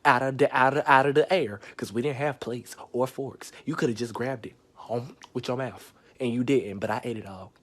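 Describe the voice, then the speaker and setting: A man's voice: medium pitch, normal speed, few pauses, lightly acted. A man playing a boastful young boy who fires back sassy comebacks in a comedy skit. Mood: defensive.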